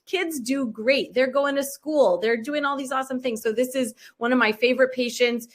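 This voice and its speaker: A woman's voice: sits high, steady tone, moderate pace. A woman in her thirties, a pediatric oncologist, chatting casually on a video call, with lots of "like" and "right?".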